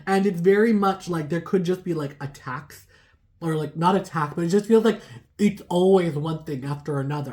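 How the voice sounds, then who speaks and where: A woman's voice: fairly low pitch, moderate pace, darkish tone. A woman giving a casual tarot reading to her viewers, rambling with lots of "like" fillers and laughing at herself. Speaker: tarot reader.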